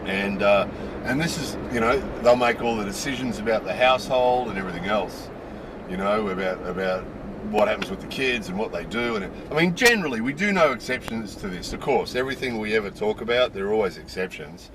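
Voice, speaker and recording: A man's voice: fairly low pitch, animated, a little fast, background noise. A man vlogging casually to camera about life in Japan, stressing points by repeating his words.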